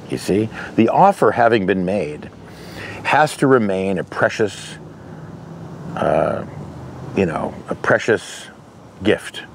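Deep-voiced man giving frank advice. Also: gravelly, slight background noise. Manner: candid, conversational, storytelling with anecdotes. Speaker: interventionist. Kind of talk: advice monologue.

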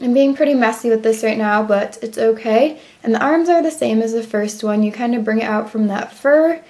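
A woman's voice: on the high side, darkish tone. A young woman talking through a drawing tutorial in a chatty, self-commenting voice-over, pacing her words to her drawing.

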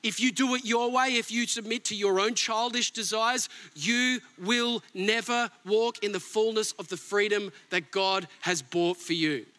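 High, bright-voiced man preaching. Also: fairly even intonation, measured pace, few pauses. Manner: emphatic preaching, rising to near-shouts and dropping soft. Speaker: pastor. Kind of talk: sermon.

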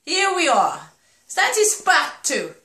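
A woman's voice: very high voice, wildly swooping pitch, slow, sharp tone. A woman chatting through a puppy feeding demonstration, cheering and coaxing the puppies as she goes. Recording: echoey room, mic at a distance.

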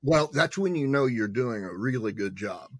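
A male podcast host on a video call, asking questions in a measured way with small hesitations. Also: medium pitch, animated, slightly rough, no room sound, studio quality. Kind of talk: interview questions.

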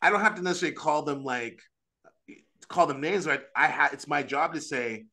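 Man, Orthodox priest, podcast host, earnest, animated, tense bright voice, restarts often. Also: a little high, fairly quick. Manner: frequent restarts and "like", "right?". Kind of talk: casual religious discussion.

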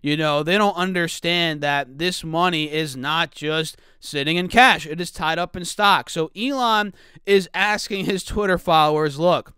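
A man hosting a casual stock market video, his voice rough from just waking up, talking chattily to viewers he calls guys and clearing his throat now and then. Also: on the high side, a little slow, sharp tone, no room sound, studio quality. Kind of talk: casual talk to camera.

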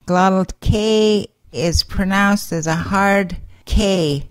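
A woman's voice: medium pitch, steady tone, no echo. A woman demonstrating how letters sound. She says each sound on its own, then gives an example word. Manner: deliberate, spelling out each sound in isolation. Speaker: language teacher giving pronunciation examples. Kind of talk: slow, careful pronunciation guide.

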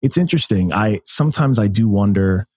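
A man with a very low voice talks casually as a podcast guest, halting and restarting his sentences. The sound is dry and close, with no room around it. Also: lively intonation, a little mellow, no echo. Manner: halting, restarts often, fillers like "like". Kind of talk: casual conversational interview.

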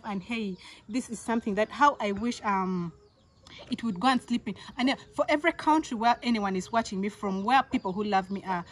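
A young woman, vlogging in an excited, emotional way, often laughing and talking straight to her viewers. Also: medium pitch. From Uganda. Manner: emotional, giggly, talks directly to viewers. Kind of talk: excited casual vlog to viewers.

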